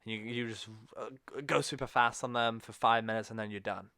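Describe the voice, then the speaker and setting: A man's voice: mid-range voice, fairly even intonation, a little fast, sharp tone, smooth, dry recording, clean studio sound. A man hosting a podcast, telling a long story in a rambling, self-correcting way. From England. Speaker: podcast host. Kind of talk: casual chat.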